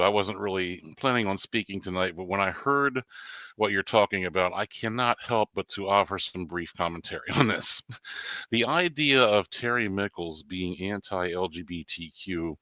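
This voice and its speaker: Guy ranting on a podcast, low voice, bright and dry sound. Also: normal speed, no echo, poor audio. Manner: indignant, emphatic, occasional dry laugh. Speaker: guest commentator. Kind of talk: impromptu political commentary.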